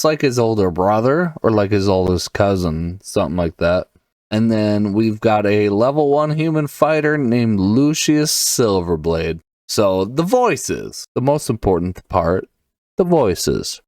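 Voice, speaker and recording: A man's voice: lowish voice, darkish tone, dry recording, studio quality, far from the mic. A man hosting a podcast, casually thinking aloud while setting up a tabletop game. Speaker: podcast host and solo game player.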